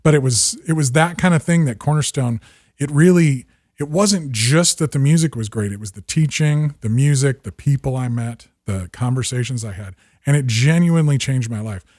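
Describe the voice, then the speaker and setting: Husky-voiced man in his fifties telling stories. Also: mid-range voice, no room sound, clean studio sound. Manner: lively anecdotes with acted quotes and quick restarts. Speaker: podcast guest. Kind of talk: storytelling in conversation.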